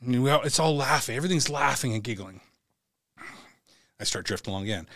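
A man's voice: medium pitch, lively intonation, quick pace, fairly bright tone, dry recording, clean studio sound. A man, a podcast guest, telling a vivid, profane story and acting out the voices in it. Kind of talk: animated storytelling.

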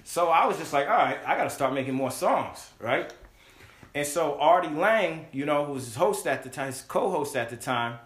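Animated man telling a story, echoey room. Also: on the high side, moderate pace. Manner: animated, acts out voices in quotes, swears freely. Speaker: podcast guest telling a story. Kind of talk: casual storytelling chat.

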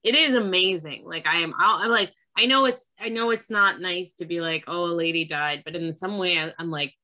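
A woman's voice: on the low side, a little fast, sharp tone. A woman co-hosting a podcast in casual chat, teasing and chatty. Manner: teasing, chatty, self-deprecating. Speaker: podcast co-host.

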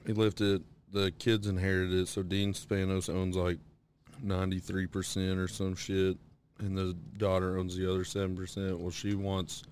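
Podcast co-host, young man, lowish pitch, profane and jokey, slight background hiss. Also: completely flat delivery, moderate pace, a little mellow. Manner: profane, laughing, storytelling. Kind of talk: crude casual banter.

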